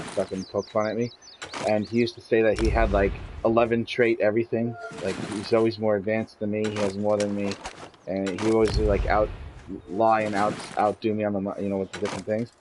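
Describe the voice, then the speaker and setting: A man's voice: on the low side, flat delivery, brisk, noisy background. A man streaming a game and chatting casually, telling rambling, profanity-laden stories. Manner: swears a lot, rambling storyteller. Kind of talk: casual chat while gaming.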